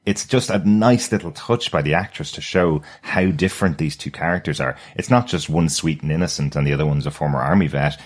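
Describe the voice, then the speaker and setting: A man co-hosting a casual podcast review, explaining his points in a measured way. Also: a bass voice. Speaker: podcast co-host.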